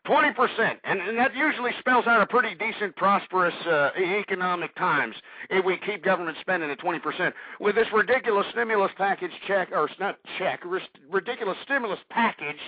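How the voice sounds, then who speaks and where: Ranting high-voiced radio host. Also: male voice, brisk, hardly any pauses, slightly rough, dry recording. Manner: ranting, combative, repeats himself. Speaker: radio talk show host. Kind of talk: angry call-in radio commentary. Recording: dry phone-like radio audio.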